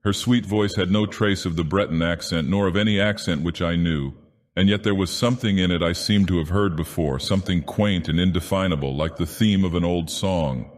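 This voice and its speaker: A man reading a classic short story aloud while putting on the voice of an ancient, godlike male villain, with slow, measured, theatrical delivery. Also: sits low, close to an everyday voice. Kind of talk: audiobook narration in character. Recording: long reverb added.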